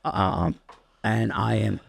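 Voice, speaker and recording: Gravelly man telling a rough story. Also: lowish voice, expressive. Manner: rambling, halting storytelling with many restarts. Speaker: podcast guest. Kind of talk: telling his recovery story on a podcast.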